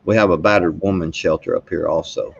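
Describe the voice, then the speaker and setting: A man's voice: low voice, steady tone, a little fast, gravelly, husky, lo-fi sound. A man telling a rambling, profane story in casual livestream chat, chuckling as he goes. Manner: rambling storyteller, profane, laughs while talking. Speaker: guest caller on a live stream.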